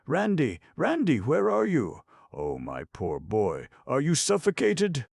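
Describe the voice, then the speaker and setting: Pompous elephant, booming, fussy, man putting it on, storybook. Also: animated, measured pace, vocal fry, dry recording, clean studio sound, heavily acted. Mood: frantic. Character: proud, fussy male elephant, big and blustering.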